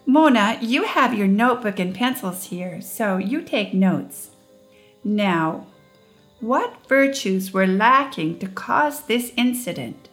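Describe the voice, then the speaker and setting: A woman's voice: mid-range voice, animated, slow pace, soft background music. A woman reading a stern but patient mother in a storybook, firm and commanding. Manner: firm, commanding, loud calls.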